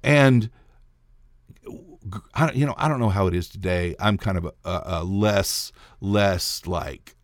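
A man's voice: sits low, measured pace, dry recording, studio quality. Rambling, chuckling male podcast host. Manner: rambling, self-interrupting, chuckling storyteller. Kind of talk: casual solo podcast storytelling.

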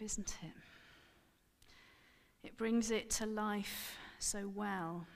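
A woman preacher giving a sermon, reading a scripture story aloud with slow, expressive storytelling. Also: medium pitch, big-room sound.

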